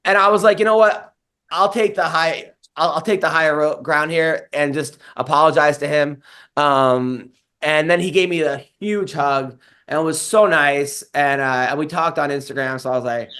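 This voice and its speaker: A man's voice: fairly high pitch, normal speed, fairly bright tone, clean tone. A man, a comedian and podcast host, telling a rambling story in casual chat, full of fillers and swearing.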